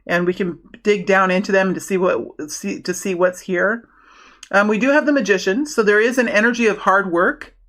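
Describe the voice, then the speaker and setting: A woman's voice: medium pitch, moderate pace, a bit bright. A woman giving a casual tarot reading to her viewers, rambling and friendly, with many restarts and fillers. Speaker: tarot reader.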